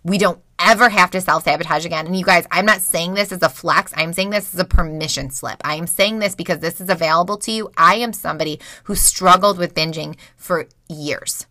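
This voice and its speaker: A woman's voice: lowish voice, fairly quick, hardly any pauses, pushed and bright, no room sound, studio quality. A woman in her thirties talking frankly and emotionally to listeners, swearing freely, recorded in a small closet at home. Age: 30s. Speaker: podcast host. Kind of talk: candid personal monologue.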